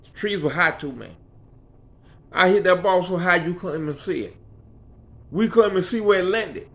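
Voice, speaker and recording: Folksy male storyteller, rambling delivery, higher-pitched voice, muffled lo-fi recording. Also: animated, moderate pace, vocal fry, long pauses, fairly bright tone. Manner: rambling, repeats himself, folksy. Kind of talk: casual personal storytelling. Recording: dull lo-fi recording.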